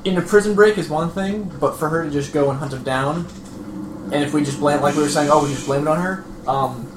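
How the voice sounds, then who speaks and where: A man talking through plans at a tabletop game, rambling with fillers. His voice is slightly high. The room is echoey and noisy. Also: fairly quick. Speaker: player. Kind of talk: casual game chat. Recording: roomy room with background noise.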